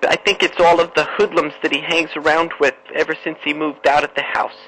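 A hushed, melodramatic mother, put on by a man on a prank phone call, rambling on in a tense, sharp and fairly high voice. She keeps her voice low and tells her troubles. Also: flat delivery, fairly quick, slight background noise, close to an everyday voice. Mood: hushed upset. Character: distraught middle-aged mother talking hushed. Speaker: prank caller.

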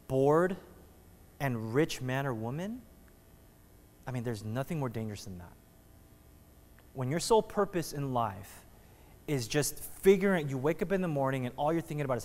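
With long pauses and an animated, mid-range voice at moderate pace, a pastor preaches in a church sanctuary. His style is casual, joking and conversational, and he keeps restarting sentences, while the hall gives a long reverb.

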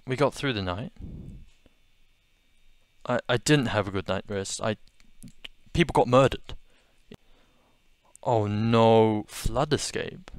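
Excitable young Australian gamer. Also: male voice, on the low side, slow, pauses often, clear, resonant tone, no echo, clean studio sound. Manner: excitable, gasping, repeats exclamations. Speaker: gaming video host. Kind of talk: let's-play commentary.

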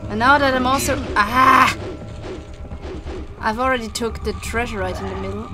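A woman's voice: a little high, normal speed. A young woman commentating her video game play casually, frustrated and swearing often at the game. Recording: game music behind the voice.

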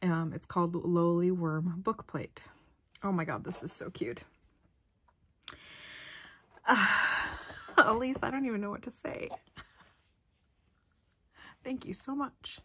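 A woman hosting her craft channel, chatting casually and gushing as she opens mail, often dropping into soft whispers. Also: on the low side, lively intonation, measured pace, pauses often, slightly rough. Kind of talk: casual unboxing vlog.

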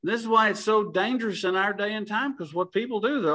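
A man with a high-pitched voice delivers a sermon in a church. His tone is plain and conversational. He slows down to lean on the phrases he wants remembered. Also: sing-song, bright, forceful tone, poor audio. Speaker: preacher.

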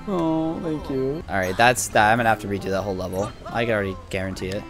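A young man giving casual, excitable gameplay commentary with frequent swearing, shouting at characters in the game. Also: lowish voice, fast, soft background music. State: sore tongue from a cold sore. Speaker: gaming video creator.

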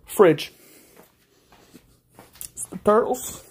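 A man streaming live from his phone, rambling and teasing his chat in a goofy, playful way. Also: drawn-out words. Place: car, then home.

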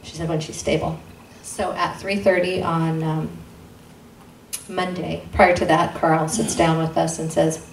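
With a flat, gravelly voice and a measured pace, a woman earnestly tells her testimony as a guest speaker in a small church gathering room. Her pitch jumps suddenly when she re-enacts dialogue. The distant mic yields a roomy recording with faint noise.

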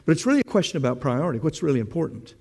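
A man's voice: on the high side, big pitch swings, racing, a little mellow, husky, long reverb tail. A man preaching a sermon, telling a story and asking the congregation questions in a conversational way.

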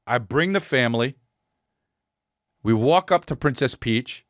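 A man hosting a podcast, telling a rambling, swearing story in casual chat with animated impressions. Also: mid-range voice, unhurried, long pauses, dry recording, studio quality. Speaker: podcast host.

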